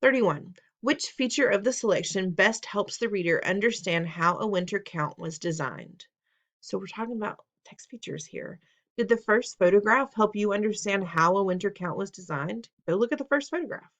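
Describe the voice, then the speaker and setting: A woman's voice: mid-range voice, vocal fry. A woman teacher walking students through reading test questions in a patient, instructive way, repeating steps and asking them questions. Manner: patient, instructive, playful teasing. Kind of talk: recorded test-prep lesson.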